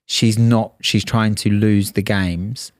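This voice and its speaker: A man's voice: on the low side, takes it slowly, dry recording, studio quality. A man co-hosting a podcast, telling stories casually with lots of fillers. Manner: relaxed storytelling, many fillers. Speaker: podcast co-host. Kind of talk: casual chat. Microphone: studio podcast mic.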